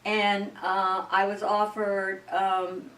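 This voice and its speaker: An older woman from Iowa, an actress, telling rambling, halting stories in an interview, often restarting her sentences. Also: mid-range voice, flat delivery, a bit bright. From Sioux City, Iowa, US. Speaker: guest, actress. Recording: roomy, distant mic.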